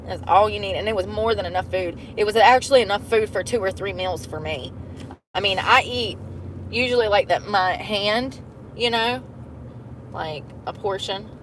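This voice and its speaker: A woman's voice: mid-range voice, normal speed, slight background noise. A young woman vlogging from inside a car, rambling and complaining in a blunt, heavily profane way. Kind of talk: casual rambling monologue.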